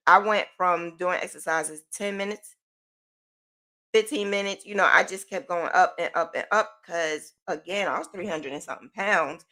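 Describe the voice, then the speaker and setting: A woman hosting a podcast, telling a personal story in a chatty, animated way with informal slang. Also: on the low side. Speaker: podcast host.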